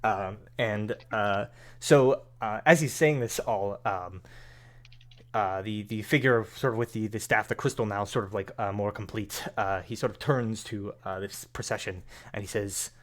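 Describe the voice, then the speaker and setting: Male game master, low-pitched, rambling live-stream narration. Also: measured pace. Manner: rambling, full of fillers and hedges.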